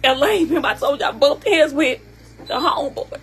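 A woman from the Southern United States tells an emotional personal story in a high voice, speaking a little fast. Along the way she keeps asking emphatically, "you hear me?"

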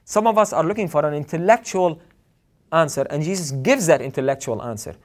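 Male preacher, slightly high voice, earnest and emphatic, leans on repetition. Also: animated, brisk. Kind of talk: sermon.

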